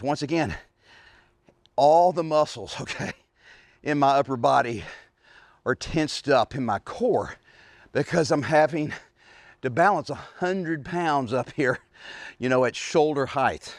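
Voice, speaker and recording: A man's voice: medium pitch, measured pace, long pauses, dry recording, clean studio sound. A man in his forties, a fitness coach, talking casually while demonstrating heavy carrying exercises outdoors, out of breath, grunting and sighing with effort between sentences. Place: outdoors in a backyard.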